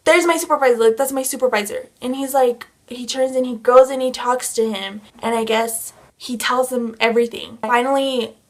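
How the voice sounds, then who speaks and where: A woman's voice: on the high side, level tone, moderate pace, few pauses. A young woman vlogger telling a story in a heated, profane rant.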